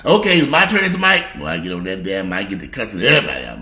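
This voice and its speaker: A man's voice: huge pitch swings, racing, hardly any pauses. Ranting man in an echoey room. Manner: blunt, heavy cursing, mocking; swings between low grumbling and loud outbursts. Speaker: video blogger. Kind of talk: profane angry rant.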